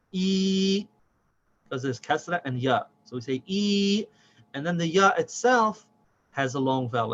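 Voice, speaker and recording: A man teaching a recorded reading lesson, who patiently breaks words into syllables and repeats them slowly. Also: a little high, a bit bright, lo-fi sound.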